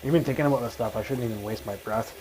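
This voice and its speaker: A man's voice: medium pitch, rapid-fire, darkish tone. A young man rants into his phone at home during a livestream, swearing freely and circling back through a grievance. His voice sits in a middle register, with a faint hiss of background noise under it. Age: young adult. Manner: rambling, profane, aggrieved storytelling. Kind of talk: casual livestream rant. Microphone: phone livestream mic.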